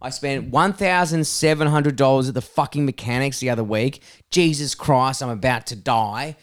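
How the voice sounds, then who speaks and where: A man's voice: mid-range voice, normal speed. A young adult man, co-hosting a podcast in casual, joking chat, swearing freely and cutting in. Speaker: podcast co-host.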